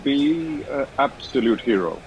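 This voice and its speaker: A man commenting on cricket in live radio chat, prone to excitable interjections. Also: medium pitch, unhurried, dull audio, a little hiss or hum.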